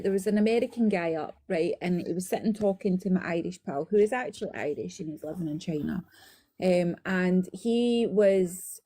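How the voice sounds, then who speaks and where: Woman, casual live chat, animated storyteller, warm dark tone, slightly husky. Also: medium pitch, dry recording. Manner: animated storytelling, frequent "right?" tags. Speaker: live stream panelist.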